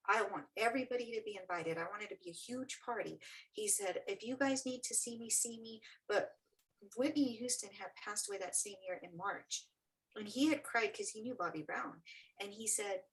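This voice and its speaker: A woman's voice: mid-range voice, moderate pace, poor audio. A middle-aged woman, an interview guest, telling a personal story with earnest feeling and acting out what others said.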